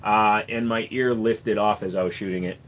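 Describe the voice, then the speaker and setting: A man's voice: fairly low pitch, steady tone, moderate pace, a bit bright. A man hosting a casual livestream Q&A, chatty and joking as he answers viewer questions. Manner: joking, chatty, shifting into accent bits. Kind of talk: casual Q&A chat.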